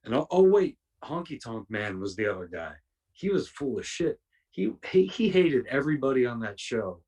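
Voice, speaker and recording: A man telling profane, rambling anecdotes in a casual podcast chat, slipping into quick impressions of other people. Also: mid-range voice, very animated, a little mellow, breathy edge, distant mic. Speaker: podcast guest.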